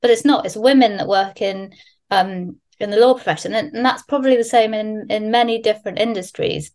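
A woman's voice: medium pitch, a little fast. Candid, swearing woman telling stories. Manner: candid, swears freely, animated storyteller. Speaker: guest. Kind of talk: casual podcast chat.

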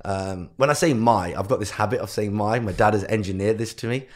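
A young man with a low voice tells his story as a podcast guest, bringing his parents and teachers to life as he quotes them. He speaks casually and with energy, and his voice swings up when the story gets lively. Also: a little fast. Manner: animated storyteller who acts out quotes of family. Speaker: guest entrepreneur.

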